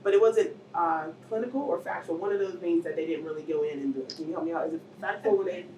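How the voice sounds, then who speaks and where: A woman's voice: on the low side, quick pace. A middle-aged woman giving an emotional personal testimony as a cancer survivor at a public talk. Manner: emotional, rising to near shouts and tearful moments. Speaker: cancer survivor speaking at a panel. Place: event hall with audience. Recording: roomy hall, distant mic, faint noise.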